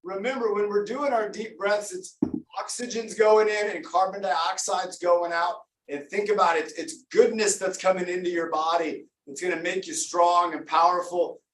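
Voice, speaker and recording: Hyped-up fitness coach guy, high voice, cheering people on, echoey room mic kinda far away. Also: steady tone, moderate pace, fairly bright tone. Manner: upbeat, encouraging, counts reps and calls out names. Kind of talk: live online workout class.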